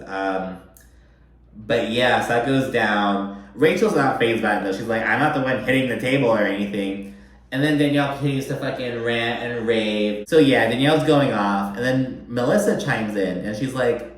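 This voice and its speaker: A man chatting casually through a reality TV recap, swearing freely and using lots of fillers. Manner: chatty, profane, heavy on fillers, mimics quoted people in a higher voice. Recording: very echoey room.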